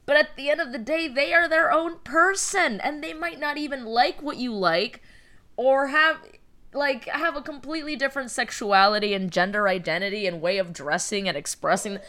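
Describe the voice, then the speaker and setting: A woman's voice: high voice, normal speed, sharp tone. A woman co-hosting a casual chat, slangy and emphatic, often laughing.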